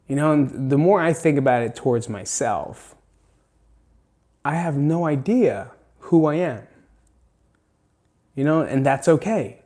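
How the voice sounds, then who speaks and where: A man's voice: medium pitch, warm tone. A man hosting a casual motivational monologue, rambling and candid, swearing freely and drifting into side remarks. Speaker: host.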